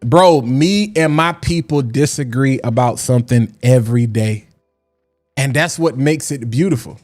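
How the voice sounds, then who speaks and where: A man's voice: medium pitch, unhurried, darkish tone, faint music behind. A man hosting a casual livestream, talking in a preachy way and repeating lines for emphasis. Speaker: livestream host.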